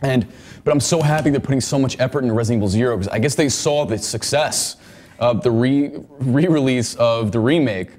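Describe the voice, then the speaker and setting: Male podcast co-host, casual gaming chat, rambling, repeats himself, mid-pitched voice. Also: a little fast, darkish tone. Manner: rambling, repeats words, enthusiastic about games.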